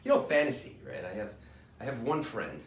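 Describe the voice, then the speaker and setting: Male stand-up comic, self-deprecating, stammering restarts, animated voice, echoey room sound. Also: mid-range voice, brisk, recorded from a distance, slight background noise. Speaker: stand-up comedian. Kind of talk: stand-up comedy set.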